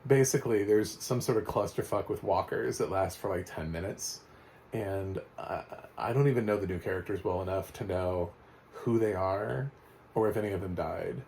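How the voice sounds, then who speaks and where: A man's voice: low voice, moderate pace, a little mellow, slight background noise. A man giving a casual spoken TV recap, rambling and blunt, with fillers and restarts and the odd swear word. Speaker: TV reviewer.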